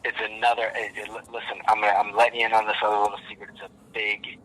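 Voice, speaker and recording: A man's voice: on the low side, flat delivery, quick pace, a bit bright, slight background noise, low-quality recording. A man on a casual podcast who rambles intensely and restarts his words often. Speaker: podcast guest.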